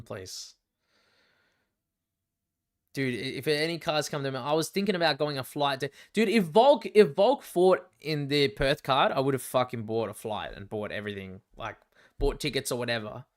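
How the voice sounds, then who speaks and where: A young Australian man hosting a live fight watch-along, chatty and excitable, swearing freely as he reacts. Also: mid-range voice, normal speed. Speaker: livestream fight companion host.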